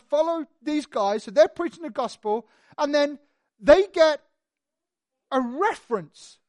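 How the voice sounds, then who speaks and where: A preacher giving a sermon, telling the story in an animated, conversational way with lively asides. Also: high voice, dry recording, studio quality.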